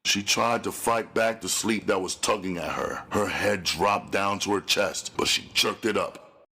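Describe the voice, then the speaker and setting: A man with a very deep, gravelly voice narrates a gritty first-person audiobook. His husky tone and unhurried pace give the reading a cold, menacing weight. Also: sharp tone.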